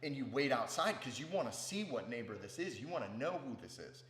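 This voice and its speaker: A man's voice: medium pitch, sing-song, fairly quick, a bit bright. A man giving a casual, profane spiritual talk as a meditation teacher, often checking in with "right?". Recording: roomy with faint hum.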